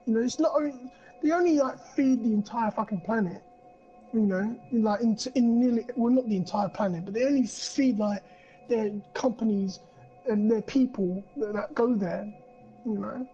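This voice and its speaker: A man's voice: high voice, normal speed, dark tone, dull audio, soft background music. A man co-hosting a podcast, ranting in casual chat, swearing a lot and rambling with plenty of fillers. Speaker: podcast co-host.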